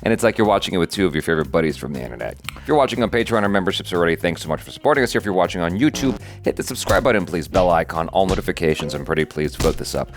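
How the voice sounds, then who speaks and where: A man co-hosting a reaction channel, giving upbeat, rapid promo patter in casual chat. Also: low voice, animated, soft background music. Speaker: co-host of a show reaction channel.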